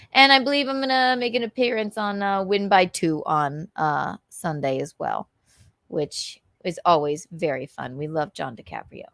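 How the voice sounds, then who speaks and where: A woman's voice: on the low side, fairly bright tone, no room sound, studio quality. A woman in her thirties hosting a late live stream, rambling and a little teary as she chats to viewers and signs off. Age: 30s. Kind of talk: casual live-stream chat.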